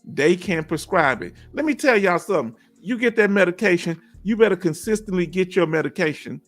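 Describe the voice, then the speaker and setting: Man, middle-aged, high-pitched, folksy livestream host who encourages viewers, faint music bed. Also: animated, fairly quick, fairly bright tone. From Houston, Texas. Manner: folksy, encouraging, reads viewer comments aloud. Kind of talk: casual livestream chat.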